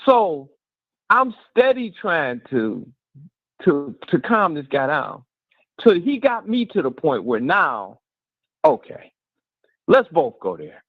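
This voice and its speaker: A man's voice: a little high, takes it slowly, no echo, muffled recording. A middle-aged man telling a personal story on a talk radio show, acting out the voices of the people in it. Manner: animated, acts out voices in his story.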